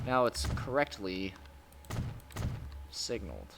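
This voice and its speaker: A man's voice: lowish voice, takes it slowly, background noise. A man giving casual gameplay commentary as a streamer, rambling and swearing with chuckling asides.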